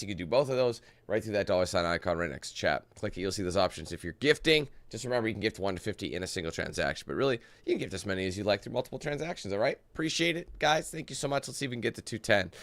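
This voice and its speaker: A man's voice: fairly low pitch, fairly bright tone, dry recording. A man talking casually on a live stream, rambling and chatty, tired, greeting his chat by name. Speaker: livestreamer.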